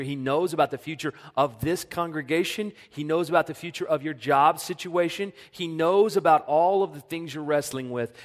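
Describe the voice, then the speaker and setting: A man preaching a sermon as a pastor, earnest, sinking to a soft hush when he speaks God's words. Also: fairly high pitch. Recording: long reverb of a church hall.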